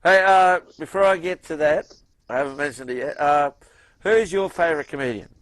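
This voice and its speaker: A man's voice: a little high, brisk, fairly bright tone, no echo. A man hosting a casual interview, laid-back and asking short questions. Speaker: podcast host.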